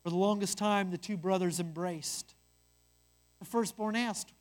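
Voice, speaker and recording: A storyteller narrating a parable in a measured, earnest way. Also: mid-range voice.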